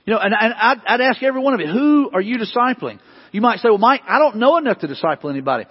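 Husky, high-voiced preaching man in a hall. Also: animated, fast. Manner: repetitive, emphatic preaching with rising bursts. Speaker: pastor. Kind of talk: sermon. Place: church sanctuary. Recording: dull lo-fi hall recording.

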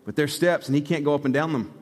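A male pastor preaching a sermon, telling a story and building to excited exhortation. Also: a little high, fast, big-room sound, faint music behind.

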